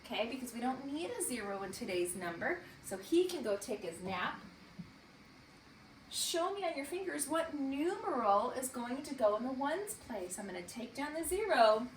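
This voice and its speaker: A woman teaching first grade, speaking slowly and clearly in a slightly high voice as she leads a morning routine. She sounds encouraging, the way a teacher talks to small children. She is picked up a little way from the mic, and the classroom echoes around her. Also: big pitch swings, distant mic, slight background noise. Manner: slow, clearly spoken, encouraging teacher talk to young children. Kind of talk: morning meeting for distance learning.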